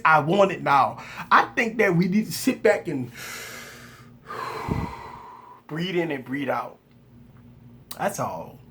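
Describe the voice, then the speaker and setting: A man hosting a casual tech livestream, preaching his point with lots of repetition and mock shouted reactions, greeting viewers by name. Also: on the high side. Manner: repeats phrases for emphasis, greets viewers by name. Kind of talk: casual live chat.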